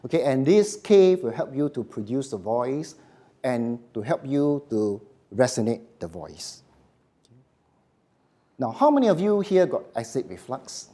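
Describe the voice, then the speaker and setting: A man's voice: medium pitch, very animated, a little slow, mellow. A middle-aged man giving a live voice workshop in short, emphatic phrases, often checking in with the audience. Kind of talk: live seminar lecture.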